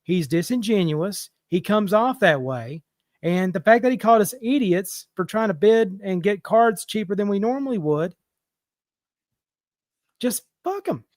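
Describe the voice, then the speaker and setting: A man's voice: sits high, animated, moderate pace, a little mellow, dry recording, studio quality. A man calling in to a show and ranting heatedly, swearing freely. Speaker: caller. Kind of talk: casual call-in rant.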